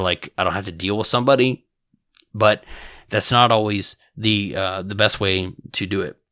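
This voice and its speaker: A man with a lowish voice hosts his own podcast alone, talking casually and correcting himself as he goes. He sounds a little hoarse and drives his main points home by repeating them. The sound is close and dry, with no room around it. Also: a bit bright, dry recording. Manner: casual, conversational, restarts and self-corrects; repeats key points for emphasis. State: slightly hoarse. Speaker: podcast host. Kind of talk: solo podcast monologue.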